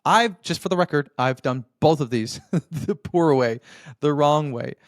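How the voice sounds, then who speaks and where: On a podcast, a man with a fairly high, lively voice gives unhurried, earnest marriage advice in a coaching style, calling the listener "brother" and often checking in. The motivational talk is recorded cleanly in a studio with no echo.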